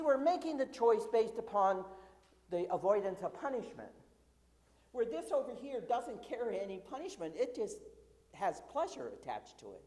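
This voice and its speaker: A woman's voice: a little high, mellow. A woman preaching a conversational sermon in a church, asking the congregation rhetorical questions and adding sarcastic asides. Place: church sanctuary. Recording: echoey church with long reverb.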